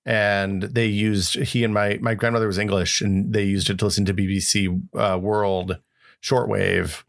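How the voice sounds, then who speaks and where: Man co-host, casual tech chat, lowish voice, thoughtful and example-driven, restarts often. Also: level tone, moderate pace, creaky. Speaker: podcast co-host.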